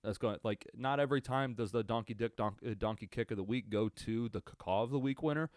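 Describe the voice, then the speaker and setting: A man's voice: medium pitch, brisk, hardly any pauses, darkish tone, no room sound, clean studio sound. A young man hosting a casual solo sports podcast, rambling and swearing with lots of fillers and restarts. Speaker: podcast host. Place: home setup at a computer. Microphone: computer webcam recording.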